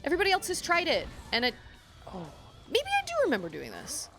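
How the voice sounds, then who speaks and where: A young woman streaming a video game, thinking out loud and often restarting her sentences with self-deprecating remarks. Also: high-pitched, wildly swooping pitch, fast talker, faint music behind. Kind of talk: live game stream chat.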